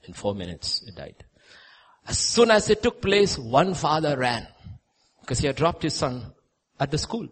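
A male preacher delivering a sermon, telling stories and swinging between loud emphasis and hushed lines. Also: on the high side, big pitch swings, moderate pace, slightly rough.

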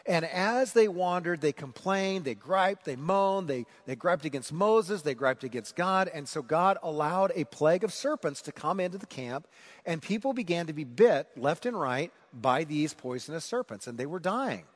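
A male pastor preaching a sermon in an animated manner, building to emphatic points. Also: a little high, normal speed. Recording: long hall reverb.

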